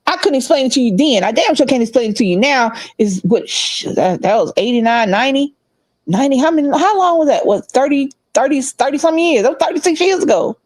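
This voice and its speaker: Animated middle-aged woman telling a story. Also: high-pitched, fairly quick, dry recording. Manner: animated, laughing, acts out voices. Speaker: podcast co-host. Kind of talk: casual storytelling chat.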